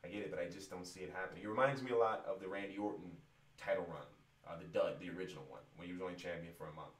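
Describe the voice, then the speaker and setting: In an echoey room, far from the mic, a low-voiced musician races through a casual rant to his viewers. His intonation stays fairly even as he vents with frustration and profanity, rambling and restarting his sentences.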